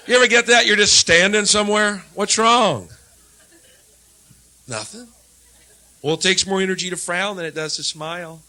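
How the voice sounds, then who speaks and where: A man from the United States doing a sardonic stand-up set, swinging from low mutters to loud jabs on a handheld stage mic. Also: steady tone, a little fast. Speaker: stand-up comedian.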